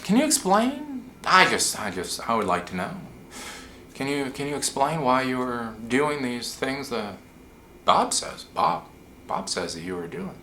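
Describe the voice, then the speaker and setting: A man putting on a slow, soft-spoken old executive. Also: medium pitch, sing-song, a little hiss or hum, voice pushed up. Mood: quietly probing. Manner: slow, quiet, with long pauses.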